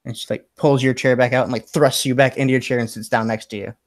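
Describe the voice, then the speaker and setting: Brief: male game master, casual narration, mid pitch. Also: fairly even intonation, fast, no echo. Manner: casual, filler-heavy narration.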